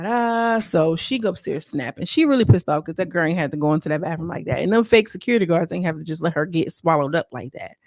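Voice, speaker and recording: Gravelly-voiced woman recapping a show. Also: on the low side, a little mellow, dry recording, studio quality. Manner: chatty slang-filled storytelling, acting out quotes. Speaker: reality TV reviewer. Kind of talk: casual episode recap.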